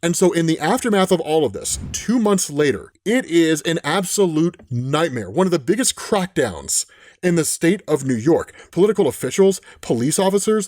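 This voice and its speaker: A man's voice: on the high side, a little mellow, no echo. A man retelling a comic book plot in a casual, chatty way, often tossing in "right?" and "literally". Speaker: comic book recap host. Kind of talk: casual storytelling recap.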